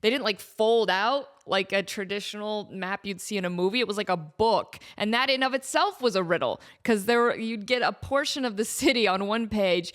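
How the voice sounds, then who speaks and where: A woman hosting a podcast, telling stories in a rambling, animated way and laughing often. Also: mid-range voice, normal speed, hardly any pauses. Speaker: podcast host. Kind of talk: casual storytelling monologue.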